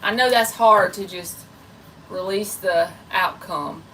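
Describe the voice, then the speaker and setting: A woman's voice: medium pitch, slow, fairly bright tone, recorded from a distance, rough recording. Woman, tarot reader, playful, chatty, a little off-mic, faint background hiss. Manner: chatty and playful, self-described goofy. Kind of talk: live tarot reading.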